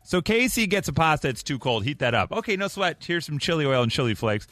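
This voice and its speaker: Lively high-voiced male radio host. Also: fast, no echo, soft background music. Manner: jokey, playful, acts out other people's lines. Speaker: morning show host. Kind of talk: casual radio show banter.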